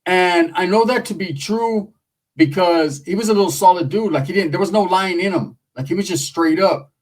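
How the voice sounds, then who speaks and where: Man from San Jose, casual storytelling, swears a lot, rambling street talk, slightly high voice. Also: far from the mic, rough recording. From San Jose, California.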